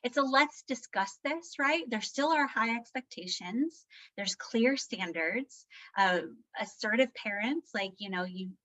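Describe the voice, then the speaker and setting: A woman's voice: medium pitch, animated, measured pace, fairly bright tone. A woman presenting a live parenting workshop in a conversational, candid way, often checking in with her audience. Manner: conversational, tags points with "right?"; candid and self-deprecating. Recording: slightly muffled lo-fi sound.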